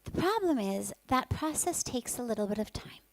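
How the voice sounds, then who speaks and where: A woman's voice: fairly high pitch, sing-song, moderate pace, no room sound. A woman who is a spiritual teacher tells a personal story candidly and vividly, sometimes dropping to a whisper for her inner thoughts.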